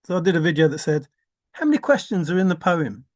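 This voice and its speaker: A man's voice: on the high side, sing-song, quick pace, no room sound, clean studio sound. A man talking through a rambling vlog monologue, musing aloud, swearing casually and laughing to himself. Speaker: vlogger.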